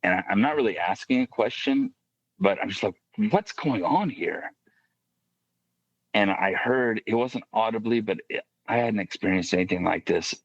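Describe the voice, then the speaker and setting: Low-voiced man telling a reflective story. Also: no echo, muffled recording. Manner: halting, reflective, with many restarts and soft asides. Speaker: podcast guest. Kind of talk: personal faith story in casual podcast conversation.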